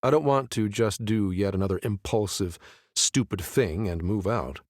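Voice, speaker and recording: A man with a fairly low voice reads a first-person romance audiobook. His delivery is casual and wry, like someone telling a friend a story. The recording is close and dry, with no room sound. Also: normal speed, no room sound. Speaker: audiobook narrator.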